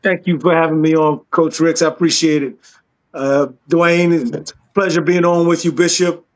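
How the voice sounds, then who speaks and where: A man's voice: on the high side, steady tone, moderate pace. A man appearing as a guest panelist, talking eagerly and often stammering on repeated words. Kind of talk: casual panel chat.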